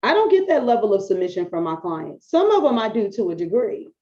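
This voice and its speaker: Brief: middle-aged woman coach, casual rant to camera, profane and animated, warm low tone. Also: brisk, muffled recording. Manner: blunt, profane, animated storytelling. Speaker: business coach. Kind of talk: casual talking-head video.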